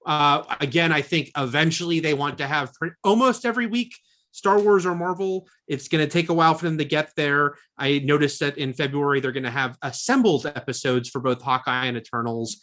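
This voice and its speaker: A man's voice: fairly high pitch, fairly quick, bright, forceful tone. A man co-hosting a film podcast, chatting casually and rambling with lots of fillers. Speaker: podcast co-host. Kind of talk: casual chat.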